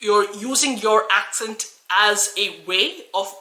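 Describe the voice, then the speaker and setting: Bright-voiced woman English coach. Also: medium pitch, takes it slowly, reverberant, low-quality recording. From Australia. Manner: earnest, encouraging, with frequent restarts. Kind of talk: talking-head video.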